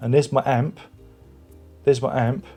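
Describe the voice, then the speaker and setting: A man's voice: mid-range voice, flat delivery, a little slow, dark tone, faint music behind. A man reviewing an album at home, chatting casually with lots of restarts. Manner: rambling, chatty, many restarts. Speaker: music review vlogger. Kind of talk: casual chat. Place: home room with record player and speakers.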